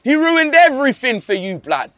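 A man's voice: very high-pitched, sing-song, moderate pace, a bit bright, no room sound. A young man delivering a mocking comic rant full of street slang. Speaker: comedic fan ranting.

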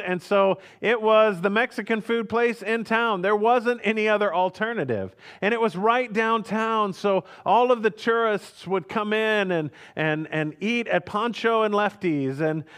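A man's voice: high-pitched, fairly bright tone, clean tone. A man from Houston, Texas, telling a personal story in an earnest, conversational way, often restarting his sentences and laughing briefly.

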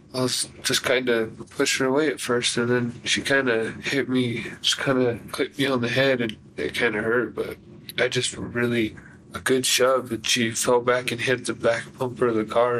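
Young man halting through a confession. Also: mid-range voice, a little hiss or hum, rough recording. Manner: halting, flat recounting with many fillers. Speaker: suspect giving a confession. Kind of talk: recorded interrogation confession.

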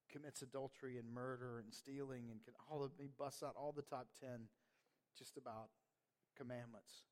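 A male pastor delivering a lively sermon, laughing often and acting out little quotes. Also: mid-range voice. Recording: long reverb of a church hall.

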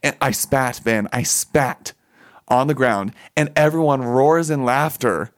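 A man telling a personal story in casual chat, animated, laughing often and full of fillers. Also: mid-range voice, unhurried.

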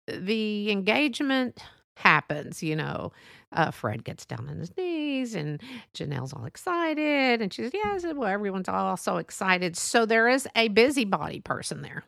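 A woman tells a story from her own life in a loose, chatty way, drifting into asides as she goes. Her voice has a gravelly, creaky edge and sits at a middling pitch. The recording is dry and close, with no room sound. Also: a bit bright, no room sound. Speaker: podcast storyteller. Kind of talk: casual storytelling monologue.

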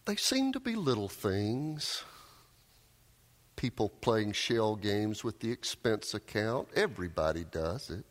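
A man preaching a sermon, telling a story with raised cries and quiet, low emphasis. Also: sing-song, takes it slowly. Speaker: pastor. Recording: long hall reverb.

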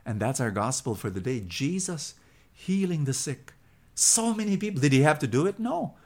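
A man's voice: on the high side, normal speed. A man with a Filipino accent preaching a sermon, telling a story and repeating points for emphasis. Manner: animated, repetitive, emphatic, laughs easily.

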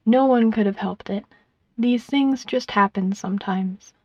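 A sorrowful father, quiet and consoling in his grief, as a woman storyteller reads him. The recording is dry and slightly muffled. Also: medium pitch, a little slow, dry recording, soft background music, lightly acted.

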